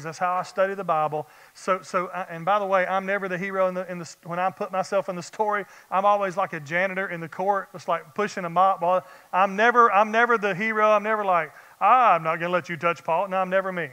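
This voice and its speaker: A man preaching a sermon as pastor, animated and firing rhetorical questions at the congregation. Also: sits high. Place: church sanctuary. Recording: long church-hall reverb.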